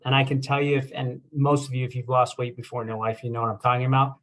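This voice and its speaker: A man's voice: mid-range voice, level tone, quick pace, hardly any pauses, fairly bright tone. A young man, a chiropractor, giving a casual talk and telling a self-deprecating story with lots of fillers. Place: presentation with slides.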